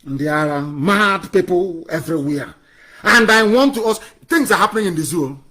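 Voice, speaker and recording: A high-voiced man with a Nigerian English accent speaks in a fiery, scornful way. He hammers his points home by repeating phrases, like an activist rallying his followers in a political broadcast. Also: expressive, normal speed, sharp tone.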